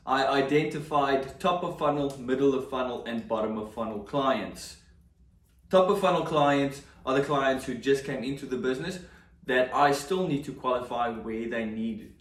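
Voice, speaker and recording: A man who works as a real estate agent, explaining his sales method in a chatty, emphatic way with joking asides. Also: mid-range voice. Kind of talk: casual explainer to camera. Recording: echoey room, mic at a distance.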